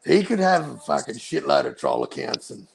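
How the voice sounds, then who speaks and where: A man's voice: mid-range voice, huge pitch swings, moderate pace, gravelly, a little hiss or hum. A man on a livestream panel, talking bluntly and swearing a lot in casual chat.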